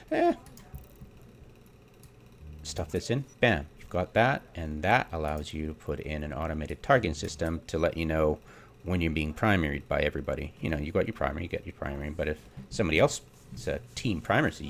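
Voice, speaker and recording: Man, low and gravelly, casual game commentary, exasperated rant, faint keyboard hum behind. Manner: exasperated, rhetorical questions, many ums. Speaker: game theorycrafter. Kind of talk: casual ranting commentary over gameplay.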